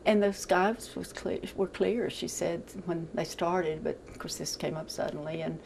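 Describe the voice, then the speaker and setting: An older woman speaks in a gravelly, creaky voice, recounting events haltingly with repeated words. She is being interviewed for the news. A faint hiss of noise sits underneath her. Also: lowish voice, fairly even intonation, darkish tone, poor audio.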